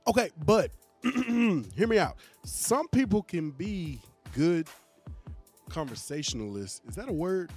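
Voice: mid-range voice, sing-song, slow, a little mellow, soft background music. A podcast co-host in casual chat, laid-back and teasing, talking into a studio mic.

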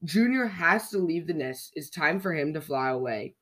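A storyteller reading a children's story and voicing an excitable, reassuring father bird. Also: medium pitch, moderate pace. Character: proud, eager father bird.

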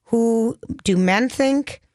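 A woman's voice: fairly high pitch, extremely slow, darkish tone, dry recording, clean studio sound. A woman co-hosting a casual morning radio show, sharing news tidbits in a chatty, giggly way. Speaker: radio co-host.

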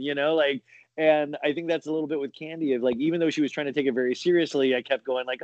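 A man guesting on a podcast, talking casually in halting bursts with many restarts. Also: fairly high pitch, steady tone, darkish tone, no room sound, highs cut off.

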